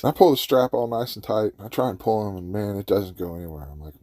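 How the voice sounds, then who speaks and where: Brief: mellow-voiced man, folksy rambling storyteller, dry close sound. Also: on the low side, quick pace, no echo. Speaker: host telling a personal story. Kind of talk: casual storytelling.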